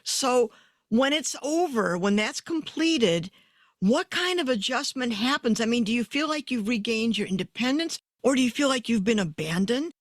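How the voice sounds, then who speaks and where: A woman's voice: fairly high pitch, lively intonation, normal speed, dry recording. A woman hosting an interview, asking curious, probing questions and shifting her pace as she talks. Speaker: interviewer host. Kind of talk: interview conversation.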